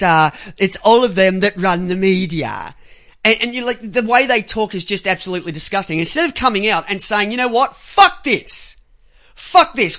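A man holds the mic on a talk radio show and rants without letup. His voice is bright and forceful. He curses, mocks and breaks into shouts. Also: sits high. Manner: ranting, profane, mocking, shouting in bursts. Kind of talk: angry radio rant.

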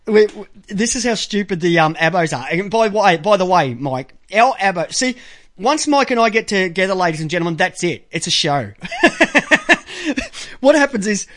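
A high-pitched Australian man runs a casual talk show. He tells crude, rambling stories and often bursts out loudly. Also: sing-song, moderate pace. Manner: crude, rambling anecdotes with loud outbursts. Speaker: podcast host. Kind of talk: casual call-in show chat.

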